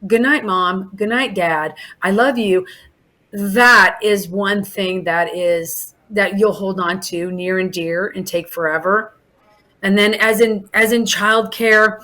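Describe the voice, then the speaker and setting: Chatty mid-pitched woman in an interview. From Alaska. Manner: warm, chatty, many restarts and fillers. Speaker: in-home daycare provider. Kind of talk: casual podcast interview.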